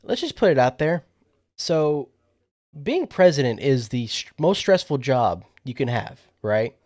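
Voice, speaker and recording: A man's voice: medium pitch, big pitch swings, a little slow, darkish tone, dry recording, studio quality. A young man co-hosting a podcast in casual chat, rambling, swearing and laughing as he talks. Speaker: podcast co-host.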